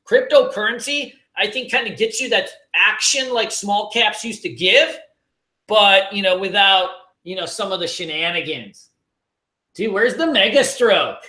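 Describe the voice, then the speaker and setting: High, bright-voiced man chatting casually. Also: roomy sound. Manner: laid-back, joking, slangy, swears and laughs often. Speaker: host of a trading livestream. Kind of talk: casual livestream chat answering viewers.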